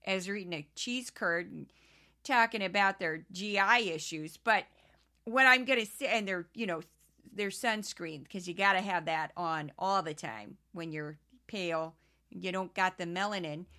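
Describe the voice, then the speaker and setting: Her voice is lowish, bright and forceful, delivered at a moderate pace. She's a St. Louis woman with a Southern-Midwestern accent who hosts a podcast, chatting candidly about news clips with plenty of laughter and self-aware asides.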